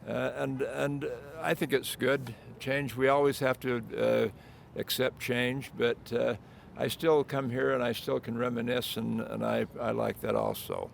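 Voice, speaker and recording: An older man giving informal remarks at an outdoor groundbreaking, reminiscing in a halting way with many restarts. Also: mid-range voice, flat delivery, vocal fry, slight background noise. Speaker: property developer speaking at event.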